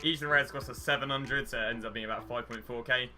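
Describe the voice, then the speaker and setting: A man's voice: medium pitch, fairly even intonation, quick pace, pushed and bright. A young man giving rambling, chatty commentary over his gameplay as host of a gaming channel, often correcting himself mid-sentence. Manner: rambling, chatty, self-correcting with many fillers.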